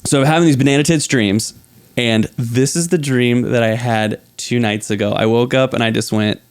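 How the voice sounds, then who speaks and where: A man co-hosting a podcast, telling rambling stories in casual chat. He slips in crude jokes and bursts of laughter, at a middle pitch. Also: fairly even intonation, normal speed, clear, resonant tone. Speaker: podcast co-host.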